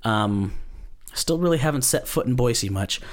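A man's voice: medium pitch, expressive, measured pace. A man who does stand-up, telling a story in casual chat, laid-back and self-deprecating, chuckling often. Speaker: stand-up comedian, guest.

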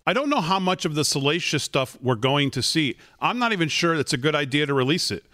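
A man's voice: a little high, big pitch swings, fairly quick, pushed and bright, dry recording, studio quality. A man hosting a political talk show, reading messages aloud and going through his points one by one. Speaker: host. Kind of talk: political commentary.

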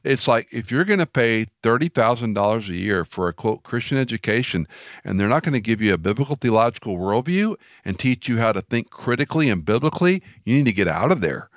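A man's voice: medium pitch, lively intonation, a little fast, dry recording, clean studio sound. A man from Houston, Texas hosting an interview, talking emphatically and telling stories with quoted dialogue. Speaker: host. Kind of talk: interview conversation.

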